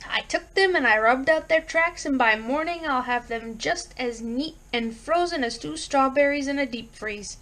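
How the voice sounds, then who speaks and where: A woman's voice: high-pitched, moderate pace, few pauses, fairly bright tone. A woman voicing the cruel winter wind as it mocks a man, taunting and gloating in a storybook reading.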